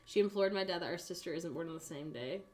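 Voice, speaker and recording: A woman's voice: lowish voice, quick pace, a little mellow, slight background noise. A young woman from the United States in casual chat, telling a long dream story with lots of fillers and laughs. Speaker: co-host. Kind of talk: casual chat on a craft stream.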